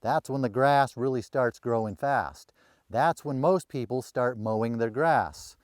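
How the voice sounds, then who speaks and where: A man's voice: medium pitch, a little slow, no room sound. Wry man, dry close narration. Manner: wry, self-deprecating humor. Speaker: rural landowner and video creator. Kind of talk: casual explanatory narration.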